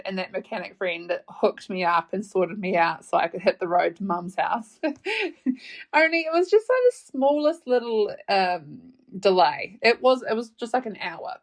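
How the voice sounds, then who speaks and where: A young woman with a New Zealand accent hosting a podcast, telling a story in a chatty way, swearing freely and often laughing. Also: mid-range voice. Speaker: podcast host. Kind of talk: casual storytelling monologue.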